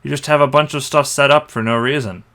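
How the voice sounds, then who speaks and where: Young guy doing a dry sarcastic review voiceover, normal mid pitch. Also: steady tone, fast talker, fairly bright tone. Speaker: anime movie reviewer. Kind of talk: scripted review voice-over.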